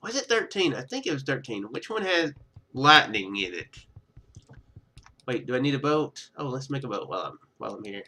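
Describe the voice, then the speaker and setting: A man's voice: mid-range voice, big pitch swings, normal speed, pushed and bright. A man chatting casually over his gameplay, rambling and stammering, cutting himself off with chuckles, into a webcam microphone. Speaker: gaming YouTuber.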